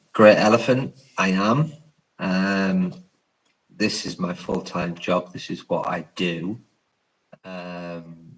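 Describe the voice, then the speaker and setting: Low, slow-talking male ghost hunter. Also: rough recording. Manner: hushed, rambling with many ums. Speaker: paranormal investigator. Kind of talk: live stream, answering chat. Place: indoors, a shop at night.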